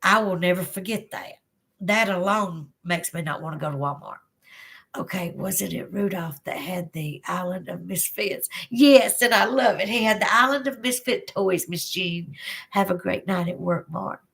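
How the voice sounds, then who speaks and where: A woman's voice: fairly low pitch, moderate pace, vocal fry, fairly bright tone, husky. A woman with a Southern US accent hosting a casual livestream, chatting with viewers and reading their comments aloud, drawling and giggly. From Southern United States. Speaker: livestream host.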